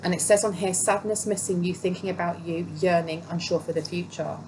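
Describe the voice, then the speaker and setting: This tarot reader's voice sits on the low side and moves fairly quickly. She keeps things casual and emphatic, saying key phrases more than once, while steady noise runs underneath.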